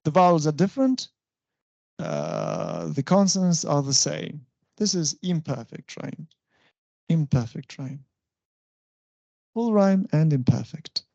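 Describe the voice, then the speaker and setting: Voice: mid-range voice, sing-song, slow, gravelly, pauses often, dark tone, no room sound, highs cut off. A university lecturer teaching an English stylistics class, explaining step by step and often checking that the students follow.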